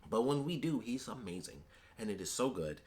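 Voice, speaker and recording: A man's voice: medium pitch, sing-song, fairly quick, a little mellow. A man giving a casual, chatty movie review, talking animatedly with lots of filler words.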